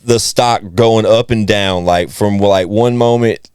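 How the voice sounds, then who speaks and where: A man's voice: fairly low pitch, steady tone, darkish tone, smooth, no echo, studio quality. A man hosting a podcast in casual chat, thinking aloud with lots of "like" and cursing along the way. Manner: reflective, drawn-out, heavy with "like" and cursing. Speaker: podcast host.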